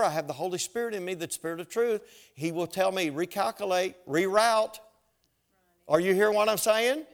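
A man delivers a sermon in a slightly higher-than-usual voice. He tells personal stories with humor and keeps asking the congregation if they are following along. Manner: storytelling with humor and asides to the congregation. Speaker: pastor.

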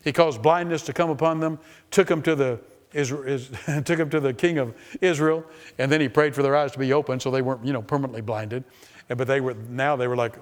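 In a brisk, medium-pitched voice, a preacher works through scripture, animatedly giving voice to the people being quoted and repeating phrases again and again.

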